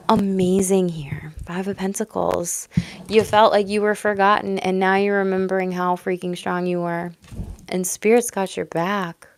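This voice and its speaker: A woman giving a live tarot reading to her chat. She talks casually, gushes and laughs often, and swears freely. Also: medium pitch. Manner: excitable, gushing, laughs often. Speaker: tarot reader.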